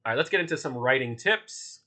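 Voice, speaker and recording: A man's voice: mid-range voice, animated, brisk, pushed and bright. A man with a Philadelphia accent teaching a casual online workshop, chatty and loose, with lots of fillers and restarts. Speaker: workshop instructor.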